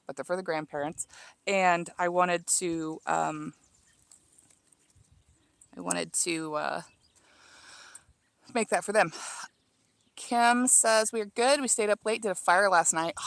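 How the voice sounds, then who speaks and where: A woman's voice: fairly low pitch, slow pace, creaky, pauses often, no echo. Chatty gardening woman, dry sound. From Illinois, US. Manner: chatty, reading out viewer comments, many fillers and restarts. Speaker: livestream gardening host. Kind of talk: casual livestream chat while gardening. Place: outdoor home garden.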